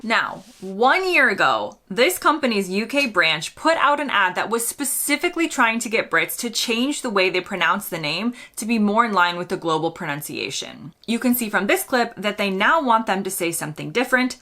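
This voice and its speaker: Bright, lively woman vlogger. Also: medium pitch, normal speed, hardly any pauses, faint music behind. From United States. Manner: playful, chatty, teasing. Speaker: host. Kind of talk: scripted explainer vlog.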